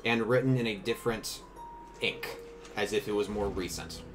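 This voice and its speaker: A man who runs a tabletop game as game master and narrates in a deliberate, descriptive way. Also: fairly low pitch, over music.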